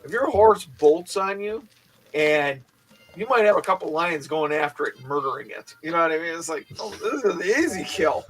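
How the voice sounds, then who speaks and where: Man, high voice, game master, casual chat, rambling. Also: moderate pace, fairly bright tone, poor audio. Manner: rambling, with many restarts and laughs.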